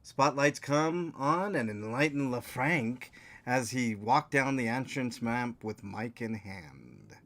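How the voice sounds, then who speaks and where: A man co-hosting a game podcast, playing and narrating the story in a relaxed, dry way. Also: mid-range voice, slow. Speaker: podcast co-host and player. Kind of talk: casual chat and story narration.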